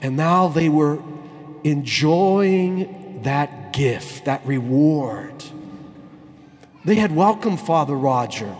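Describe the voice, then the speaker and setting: A man, a priest, telling a story in a sermon, slowing down and stretching words to stress them. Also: a little high, a little mellow, in a large hall. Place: church.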